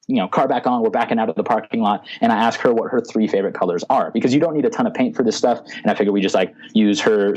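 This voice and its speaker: A man's voice: lowish voice, a little mellow, dull audio. A young man telling a story in a rambling, casual way as a podcast guest, with lots of filler words.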